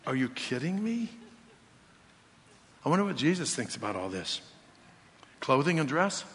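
Bright-voiced pastor preaching in a hall. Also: male voice, fairly high pitch. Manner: direct, challenging, asks the crowd rhetorical questions. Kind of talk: sermon. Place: church sanctuary. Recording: long reverb of a church hall.

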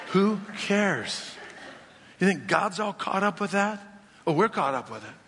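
Bright-voiced pastor preaching in a hall. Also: male voice, sits high, a little hiss or hum. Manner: direct, challenging, asks the crowd rhetorical questions. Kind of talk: sermon. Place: church sanctuary. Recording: long reverb of a church hall.

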